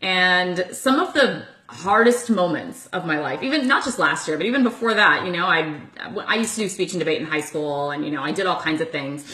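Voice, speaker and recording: Animated young woman, bright and echoey. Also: on the low side, fairly quick, few pauses. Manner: animated, laughing storyteller with lots of "like". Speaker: host. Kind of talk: casual chat.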